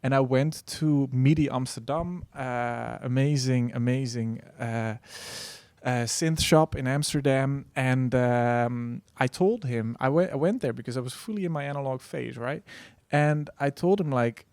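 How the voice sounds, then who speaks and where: A man's voice: medium pitch, unhurried, a little mellow, dry recording. Enthusiastic rambling man, dry sound. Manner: enthusiastic, rambling, many fillers. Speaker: synth vlogger. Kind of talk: casual chat.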